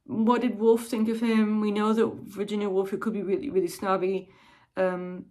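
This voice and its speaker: A woman's voice: mid-range voice, little pitch movement, moderate pace, a little mellow. Female book vlogger, casual and musing, mid-range voice. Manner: thoughtful, digressive musing. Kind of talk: casual chat.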